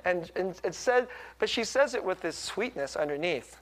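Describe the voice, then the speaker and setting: A man's voice: high voice, expressive, normal speed. Chatty self-deprecating male pastor. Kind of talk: conversational sermon.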